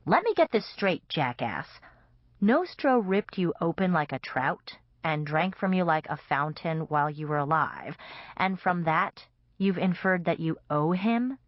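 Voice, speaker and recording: A woman's voice: on the low side, expressive, measured pace, dry recording. A woman voicing a sarcastic, indignant young woman vampire in an audiobook. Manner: snarky, exasperated. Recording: dull, dry audiobook recording.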